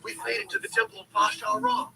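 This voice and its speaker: A man's voice: quick pace, loud music behind the voice. A man performing a comedy sketch with a goofy, jokey delivery. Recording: echoey room from a distance.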